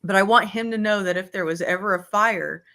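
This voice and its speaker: A woman's voice: mid-range voice, fairly quick, sharp tone. A woman hosting an online book club, reading a memoir aloud and chatting in a heartfelt way. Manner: heartfelt, breaks off to apologize.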